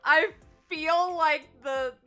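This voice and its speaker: A woman's voice: high-pitched, drawn-out words, fairly bright tone. A woman streamer in casual chat on a game stream, giggly and laughing often. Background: background music.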